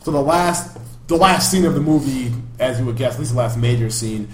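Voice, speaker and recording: A man's voice: mid-range voice, expressive, a little fast, roomy sound, slight background noise. A man co-hosting a podcast, chatting casually and recapping scenes from a movie he loves, with a rambling, restarting way of talking. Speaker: podcast co-host. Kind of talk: casual chat. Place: backup studio.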